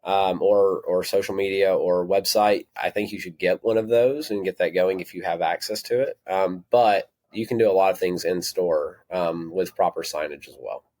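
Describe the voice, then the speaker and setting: Southern man, low voice, rambling shop owner guest on a podcast. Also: steady tone, moderate pace, hardly any pauses, a little mellow. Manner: rambling, self-correcting, apologetic asides. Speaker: natural products retailer, guest. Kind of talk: conversational podcast interview.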